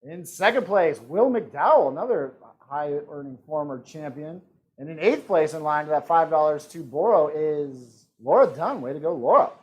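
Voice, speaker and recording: A man's voice: a little high, animated, normal speed, a little mellow, dull audio. A man hosting an online trivia game, reading questions and options in a joking, playful way. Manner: joking, reads multiple-choice options with playful voices. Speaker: trivia host. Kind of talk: live-streamed trivia hosting.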